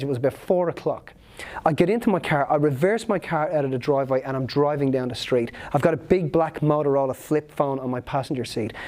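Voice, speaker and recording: A man's voice: a little high, darkish tone. A man speaking at a seminar, telling a personal story in an earnest, emotional, vivid way.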